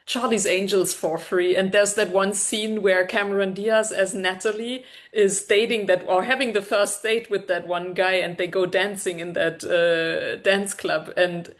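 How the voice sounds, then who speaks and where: A woman's voice: medium pitch, fairly even intonation, a little slow, few pauses. A woman co-hosting a podcast, chatting casually and telling stories hesitantly, with many fillers. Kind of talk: casual conversational chat.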